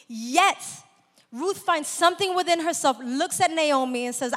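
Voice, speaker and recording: A woman preaches in a lively, chatty way and laughs often. Her voice sits high and bright, and a long church reverb trails after her words. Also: moderate pace. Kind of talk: sermon.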